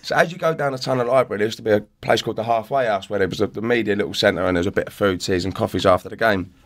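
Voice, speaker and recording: A man, a podcast guest telling lively, sweary stories and acting out the other people in them. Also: lowish voice, racing, slight background noise. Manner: animated anecdote-telling, sweary, acts out other voices. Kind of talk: casual chat, storytelling.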